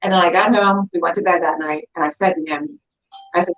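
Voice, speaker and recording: A middle-aged woman, a guest, telling a story in an animated, lively way over a video call. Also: on the low side, fairly quick, echoey room, highs cut off. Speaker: guest, crystal seller. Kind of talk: casual storytelling chat.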